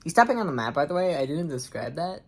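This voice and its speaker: Brief: young woman, low and lively voice, mocks her own childhood story between lines. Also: quick pace, creaky. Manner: sarcastic asides, frequent ums and uncertain trailing off. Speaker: reader and commentator. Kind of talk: reading her own childhood story aloud with mocking commentary.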